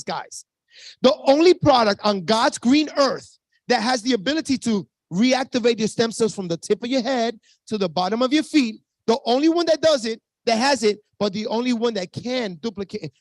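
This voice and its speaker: A man in his fifties with a Spanish-accented English, giving an energetic sales pitch to a team on a video call, hyped and full of asides to the audience. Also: no echo. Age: 50s. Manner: hyped, talks straight to the audience, many asides. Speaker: network marketing presenter.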